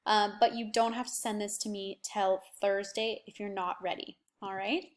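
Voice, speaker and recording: A young woman teacher giving a remote phonics lesson to children, patient and encouraging, stretching words out slowly. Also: mid-range voice, flat delivery. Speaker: primary school teacher.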